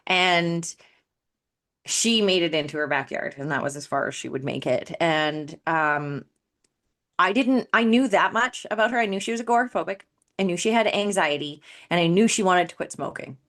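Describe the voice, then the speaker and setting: Low-voiced woman telling a story. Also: normal speed. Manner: animated, acts out quoted dialogue. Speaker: addictions specialist and coach. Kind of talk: casual podcast storytelling.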